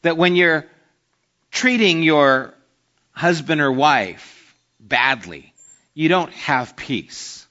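A man's voice: a little high, lively intonation, extremely slow, long pauses, sharp tone, lo-fi sound. A man preaching a sermon in an earnest, conversational way, illustrating with everyday stories. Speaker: pastor.

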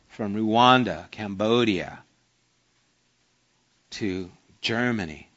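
A man's voice: medium pitch, a bit bright, muffled recording. A man preaching a sermon in an earnest, conversational way, illustrating with everyday stories. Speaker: pastor.

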